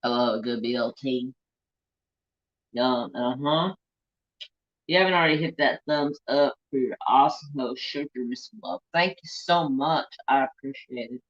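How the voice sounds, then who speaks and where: A man from California rambles casually to his stream viewers, joking with himself and slipping into a Southern-tinged drawl. His pitch sits in the middle, and the sound comes through dull and lo-fi. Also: moderate pace, fairly bright tone. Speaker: craft channel host. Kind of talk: casual live-stream chat.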